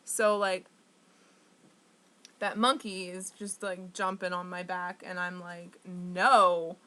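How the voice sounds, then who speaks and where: Bright-voiced woman ranting with profanity. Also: on the low side, level tone, slow pace, clean tone. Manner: profane, rambling, full of "like", bursts into loud anger. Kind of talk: candid confessional monologue.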